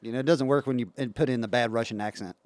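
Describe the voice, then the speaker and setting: A man's voice: mid-range voice, fairly even intonation, very fast, a little mellow, dry recording. A man co-hosting a casual podcast who answers with dry, wry quips. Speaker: podcast co-host.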